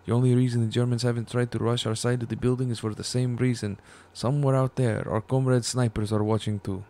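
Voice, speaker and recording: A man's voice: medium pitch, little pitch movement, quick pace, mellow, natural voice. A man voicing a young male Soviet soldier reading his war journal aloud in a put-on Russian accent. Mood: solemn. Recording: gunfire and game noise behind.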